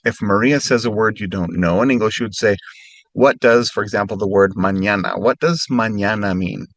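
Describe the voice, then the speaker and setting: A man teaching phrases as a language lesson, speaking slowly and carefully and repeating each phrase more slowly. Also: on the low side, no echo. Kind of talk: instructional narration.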